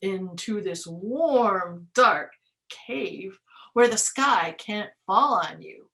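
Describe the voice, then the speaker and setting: A woman voicing a sly, hungry male fox in a picture-book reading, speaking slowly and smoothly to lure the birds. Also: mid-range voice, expressive, fairly bright tone, heavily acted. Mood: coaxing. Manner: smooth, slow, coaxing.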